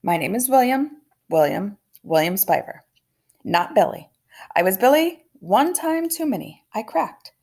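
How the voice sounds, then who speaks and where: A woman's voice: medium pitch, sing-song, unhurried, a little mellow. A woman voicing a pompous, dramatic boy who speaks in grand, formal sentences, in a storybook read-aloud. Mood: mournful.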